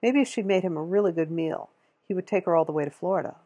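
A woman reading a novel aloud in a steady, measured way, with a gravelly, husky voice. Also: lowish voice, lo-fi sound. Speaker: audiobook reader.

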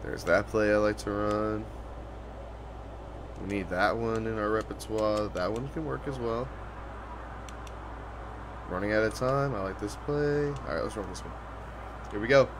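Casual male streamer, chatty and easygoing, thanking viewers, with bursts of excitement over a faint hum of background noise. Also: fairly low pitch, a little slow, pauses often. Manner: laid-back, chatty, shouting out viewers, sudden excited outbursts. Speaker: gaming streamer. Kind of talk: casual live-stream chat while playing.

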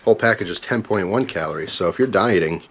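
A man's voice: low voice, quick pace, fairly bright tone, slight background noise. A young man vlogging at home, chatting wryly as he tastes bugs and talks to his dog. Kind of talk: casual vlog, tasting food on camera. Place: indoors at home, camera on tripod.

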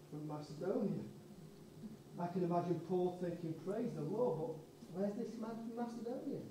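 A man preaching a sermon, telling a story and acting out the people in it. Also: very high-pitched. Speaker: pastor. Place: church hall. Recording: echoey church hall, mic far off.

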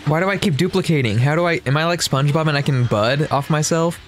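A man's voice: a little high, fast talker, soft background music. Goofy young man joking during gameplay. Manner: goofy, silly jokes, giggles. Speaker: co-host of a gaming channel. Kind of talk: casual chat while gaming. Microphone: own desk mic.

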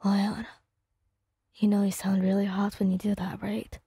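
Whispered role-play, a woman playing a teasing young guy, low breathy whisper, mellow, dry close sound. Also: monotone, unhurried, dry recording.

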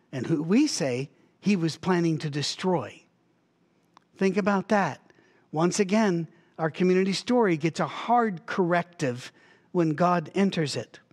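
Pastor, male, high voice, animated storyteller who slips into character voices mid-sermon. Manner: lively storytelling, acts out voices, chuckles often. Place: church.

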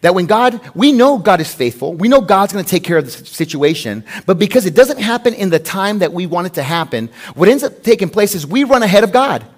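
A man pastor preaching a sermon in an animated way, acting out the prayers he quotes. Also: high-pitched, a little fast, few pauses.

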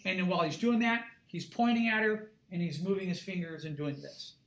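Lecturing his art class, a middle-aged man speaks emphatically and conversationally, frequently checking in with students; his high, fairly bright voice comes across animated and brisk.

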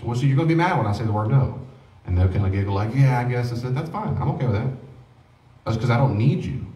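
A man's voice: fairly low pitch, lo-fi sound. A man teaching an informal grief class as a pastor, acting out little dialogues with children. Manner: animated, acts out dialogues with children. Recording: echoey room, voice from a distance.

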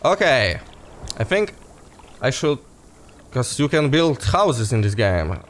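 Excitable let's player, very lively pitch, slow delivery. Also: male voice. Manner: excitable, laughing, talks to viewers as guys. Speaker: gaming youtuber. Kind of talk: casual let's play commentary.

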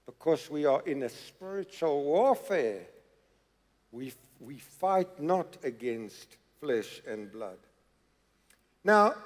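Slow emphatic male preacher in a hall. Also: on the high side, darkish tone. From South Africa. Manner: emphatic, slow and dramatic with repeated phrases. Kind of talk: sermon. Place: large church hall. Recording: reverberant church hall.

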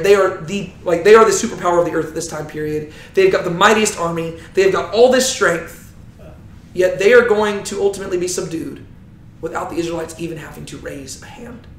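A man's voice: high-pitched, slight background noise. A man teaching a Bible lesson, telling the story with animation and often checking in with "right?". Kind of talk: teaching talk. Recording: roomy echo.

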